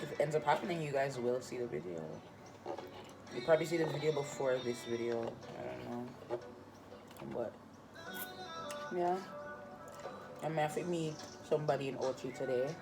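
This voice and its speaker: A woman's voice: very deep voice, moderate pace, vocal fry, long pauses. A young woman with a Jamaican accent, rambling and chatty as she vlogs casually to her viewers. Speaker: vlogger. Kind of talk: casual vlog chat. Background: music.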